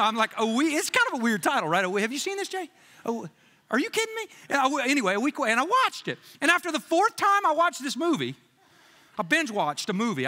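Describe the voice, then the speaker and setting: A man preaching a sermon as pastor, telling stories with jokey asides and voicing the people he quotes. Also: high-pitched. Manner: animated storytelling, jokey asides, quoting others in voices. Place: church sanctuary. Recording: church sanctuary with long reverb.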